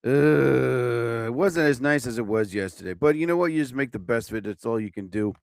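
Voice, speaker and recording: A man's voice: medium pitch, fairly quick, vocal fry, no room sound, studio quality. A young man hosting a casual live-stream show, rambling and joking, swearing often as he fumbles with his sound effects. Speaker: host.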